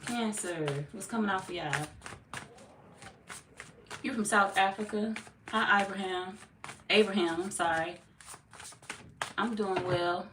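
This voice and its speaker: A woman, slightly hoarse, chatting casually on a live stream as a tarot reader, greeting viewers by name and swearing freely. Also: medium pitch, slow pace, long pauses. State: slightly hoarse, feels she is losing her voice. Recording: echoey room, far from mic, faint noise.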